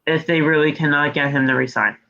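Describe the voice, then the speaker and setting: A high, bright-toned man talks through a wrestling show on a podcast, swearing freely and recapping the action move by move. The audio is dull and lo-fi. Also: brisk. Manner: profane, animated play-by-play recapping. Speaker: podcast co-host. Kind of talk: casual wrestling recap chat.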